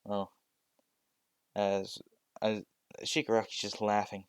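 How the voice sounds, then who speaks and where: Young man narrating hesitantly, slow. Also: on the low side, level tone, clean tone, no room sound. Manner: hesitant, many restarts and fillers. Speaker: storyteller. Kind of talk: improvised fan-fiction narration.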